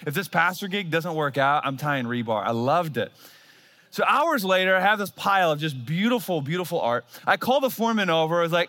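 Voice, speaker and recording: A man in his thirties preaching in a church, spinning a lively, self-mocking story for the congregation. His voice is bright and ringing and sits a little high for a man. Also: brisk. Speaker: pastor. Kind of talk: sermon with storytelling.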